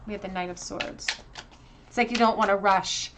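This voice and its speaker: A woman's voice: medium pitch, fairly even intonation, heavy background noise. Earnest woman doing a tarot reading. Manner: earnest, emotional, halting with many fillers. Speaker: tarot reader.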